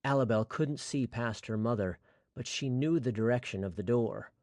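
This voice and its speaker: A man's voice: medium pitch, normal speed, a little mellow, no room sound, studio quality. Male narrator reading a fantasy audiobook.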